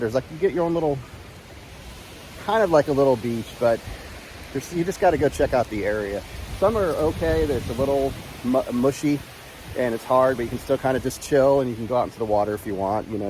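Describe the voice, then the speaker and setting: A man's voice: medium pitch, darkish tone, a little hiss or hum. A man hosting a casual walk-and-talk vlog outdoors, rambling in an easygoing way with lots of fillers. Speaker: reaction channel host. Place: outdoors on a walking trail.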